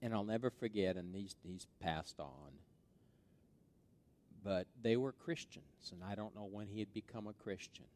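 Man preaching with hushed asides and loud peaks. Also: fairly low pitch, moderate pace. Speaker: pastor. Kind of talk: sermon.

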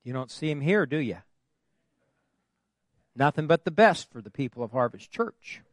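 A man with a high, very lively voice preaches from a church pulpit. He calls out to his congregation for answers and breaks into folksy humorous asides. The sound is close and dry. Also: normal speed, no room sound. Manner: call-and-response with the congregation. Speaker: pastor. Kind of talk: sermon.

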